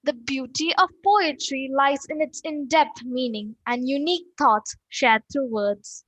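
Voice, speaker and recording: High-voiced female host, dry sound. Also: a little slow, a bit bright, dry recording, rough recording. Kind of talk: formal announcing.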